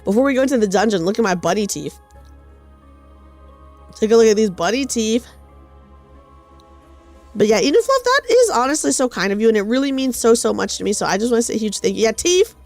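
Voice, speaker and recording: A bubbly woman streamer chatting with her viewers as she plays, her voice sitting a little high and swinging widely in pitch. She talks in an excitable, giggly way into a desk mic, with faint game music underneath. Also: a little fast, pauses often. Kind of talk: casual game stream chat.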